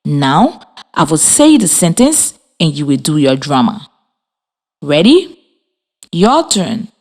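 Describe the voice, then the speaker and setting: A woman from Liberia teaching a children's reading lesson over radio, speaking slowly and clearly with encouragement. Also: low-pitched, very animated, darkish tone. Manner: slow, clear, encouraging, spells and claps out words. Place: radio studio with students.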